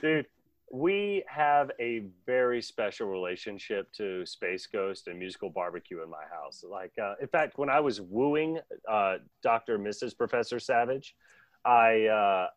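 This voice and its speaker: Give me an animated male podcast host with a dry, close sound. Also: on the low side, dry recording. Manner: animated, laughing, doing quick voices. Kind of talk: casual chat recapping a cartoon.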